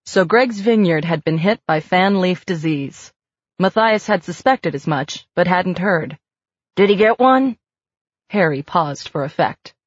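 Low-voiced woman narrating an audiobook. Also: measured pace, slightly rough, no echo. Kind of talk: scripted narration. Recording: dry, slightly muffled lo-fi recording.

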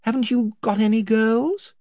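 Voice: mid-range voice, a little slow, mellow, no echo, pitched above the performer's own voice, natural voice. A reader voicing a brave, earnest young girl. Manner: earnest, determined.

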